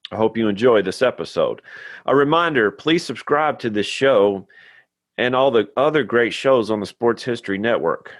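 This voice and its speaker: A man's voice: mid-range voice, animated, moderate pace, no echo. A man from Tennessee, hosting a football podcast, reading an earnest intro and then chatting with a guest. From Tennessee, USA. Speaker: podcast host. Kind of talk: scripted intro then casual chat.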